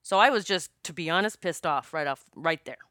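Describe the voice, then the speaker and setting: A woman speaking as a psychic medium, telling a personal story in an emotional, animated way with many fillers and some swearing. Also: low-pitched, fairly quick, no echo, clean studio sound. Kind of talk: casual storytelling monologue.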